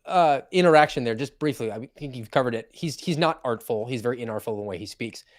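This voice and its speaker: A man co-hosting a podcast, talking through politics in a brisk, analytical way as he thinks aloud. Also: medium pitch. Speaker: podcast co-host. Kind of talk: casual political commentary.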